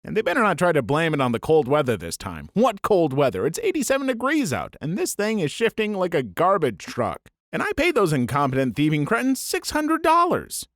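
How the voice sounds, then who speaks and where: A man's voice: a little high, a little fast, few pauses, dry recording, clean studio sound. A man playing an oblivious boyfriend who grumbles about his car. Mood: grumbling. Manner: grumbling, muttering, flat replies.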